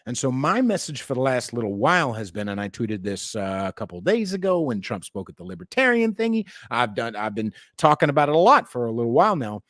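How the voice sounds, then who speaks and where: Animated, profane man ranting. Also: mid-range voice, brisk, hardly any pauses, dry recording, studio quality. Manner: animated, sarcastic, mocks others in put-on voices, swears a lot. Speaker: podcast host. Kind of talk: profane political rant.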